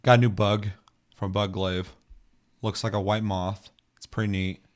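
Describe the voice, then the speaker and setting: Profane, rambling gamer guy, low voice. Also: level tone, measured pace. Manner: rambling, profane, acts out funny voices in his stories. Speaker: podcast co-host. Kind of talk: casual gaming chat.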